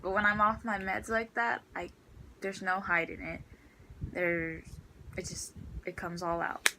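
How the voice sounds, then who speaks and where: A woman's voice: mid-range voice, little pitch movement, measured pace, sharp tone, a little hiss or hum, rough recording. A teenage girl ranting in a storytime vlog about her school day, exasperated and full of fillers. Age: teens. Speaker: student vlogger.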